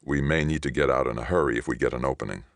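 A calm, measured veteran soldier speaks in a storybook reading, read by a man. The voice stays very deep, barely lifted from the narrator's own. It is dry and close to the mic. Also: dry recording.

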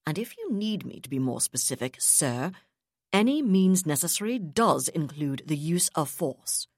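Woman reading as a calm, steely naval captain. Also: sits low, dry recording, studio quality, heavily acted. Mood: calm firm. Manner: calm, firm, measured.

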